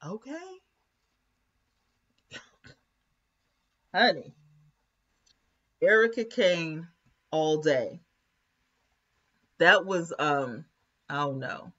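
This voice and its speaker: A woman's voice: sits low, fairly bright tone, slightly rough, muffled recording. A woman hosting a live commentary stream, chatting casually, laughing often and reading viewer comments aloud.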